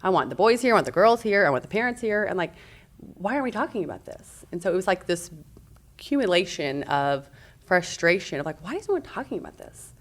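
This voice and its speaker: A woman in her thirties with a low voice tells stories with energy, slipping into other people's lines. She talks in a relaxed podcast-chat way as a guest. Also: brisk. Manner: animated, acts out quoted speech. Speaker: guest, parenting speaker. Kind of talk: conversational podcast storytelling.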